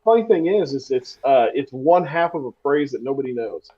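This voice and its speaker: A man's voice: medium pitch, animated, fairly quick. Storytelling man on a podcast, lo-fi sound. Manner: storytelling, self-deprecating, many restarts. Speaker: podcast co-host. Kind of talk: casual chat.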